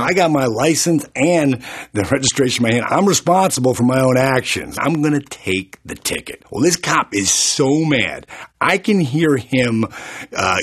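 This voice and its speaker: Husky, lively motivational speaker man. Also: medium pitch. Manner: storytelling, animated, plays out scenes. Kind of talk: motivational talk on an audio CD.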